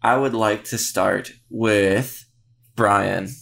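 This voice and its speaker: A man's voice: lowish voice, steady tone, drawn-out words, creaky, fairly bright tone. A man hosting a casual horror movie podcast, joking and laughing with his co-hosts. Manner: laughing, jokey, puts on silly voices in quotes. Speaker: podcast host.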